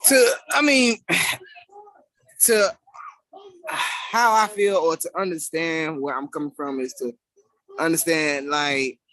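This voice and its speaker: A man's voice: fairly high pitch, bright, forceful tone, dry recording. A father on a video call in a casual group discussion, speaking hesitantly and searching for words.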